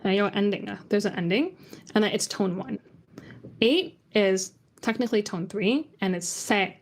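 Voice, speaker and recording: A woman leads an online language lesson from her computer mic, talking in a loose, chatty way. She sings single syllables high and low to show each tone, then drops back into casual explaining. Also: animated, moderate pace, slight background noise. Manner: chatty, demonstrates tones by singing them out. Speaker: Cantonese teacher.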